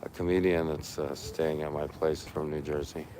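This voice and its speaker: A man's voice: rumbling low, little pitch movement, normal speed, dark tone, slight background noise. A man vlogging outdoors on a neighborhood street at dusk, chatty and rambling, cooing at the cats he passes. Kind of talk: casual walking vlog.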